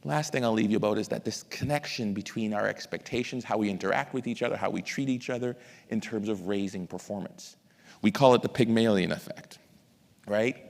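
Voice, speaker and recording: A middle-aged man presenting at an education masterclass, who addresses the audience directly and acts out examples in a lively lecture. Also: on the low side, fairly quick, creaky. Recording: long hall reverb.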